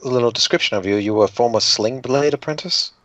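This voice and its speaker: A man voicing a young male wizard, polite, measured and slightly formal. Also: mid-range voice, a bit bright, lightly acted. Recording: dull lo-fi mic.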